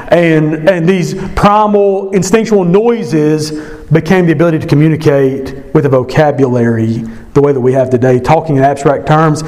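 Man, high voice, Bible teacher, conversational, emphatic, evening study. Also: darkish tone. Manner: conversational retelling of a scripture story, emphatic.

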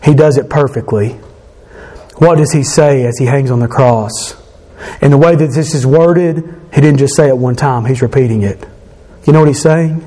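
A man preaching a sermon, building rhythmic lists and rising to passionate shouts. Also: mid-range voice, normal speed. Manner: impassioned, rising to shouts on climaxes.

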